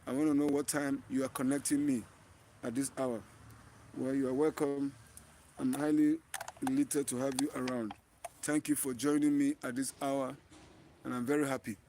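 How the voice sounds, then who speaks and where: A man's voice: mid-range voice, level tone, normal speed, pauses often, dark tone, slight background noise. A man with a Nigerian accent hosting a live stream outdoors, talking earnestly to viewers and often repeating and restarting his phrases. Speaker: livestream host. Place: outdoors in bright sun.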